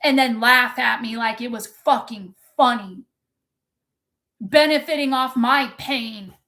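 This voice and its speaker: A woman with a high voice gives a live-streamed motivational talk. She is intense and profane, hammers her points home and breaks off to answer viewers in the chat. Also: slow, bright, forceful tone. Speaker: motivational coach.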